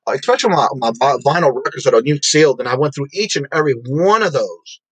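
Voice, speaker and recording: A man hosts a casual live video chat, reading out and greeting viewers by name with frequent laughs. His voice is a little husky and sits at an ordinary pitch. The sound is dry and close. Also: big pitch swings, quick pace, few pauses, a bit bright, dry recording, rough recording. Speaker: livestream host.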